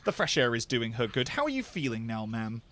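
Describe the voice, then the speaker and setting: A man voicing a kindly, polite gentleman motorist, genteel and a little fussy, in a storybook reading. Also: medium pitch, sing-song, a little fast, a little hiss or hum, voice pushed down.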